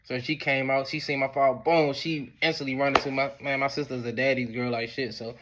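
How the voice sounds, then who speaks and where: A man's voice: level tone, fairly quick, lo-fi sound, background noise. A man telling a personal story in casual, slangy speech, with lots of fillers. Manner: slangy, laid-back, peppered with "boom" and "whatever the case may be".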